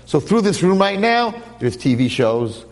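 Animated man telling a story in a hall. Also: high voice, unhurried. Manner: animated, repetitive restarts, joking. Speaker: Jewish lecturer. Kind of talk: storytelling lecture. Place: room with listeners.

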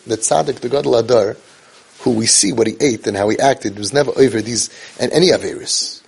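Brisk and husky, with vocal fry in a medium-pitched voice, this man gives an inspirational speech as a speaker on parenting and faith. He tells his story emphatically, repeating key phrases and sprinkling in Hebrew and Yiddish terms.

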